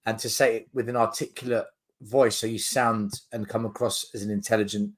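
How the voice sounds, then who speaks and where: A man co-hosting a casual football podcast, explaining his points step by step with lively emphasis. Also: lowish voice, brisk. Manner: animated, explains in numbered points. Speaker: podcast co-host.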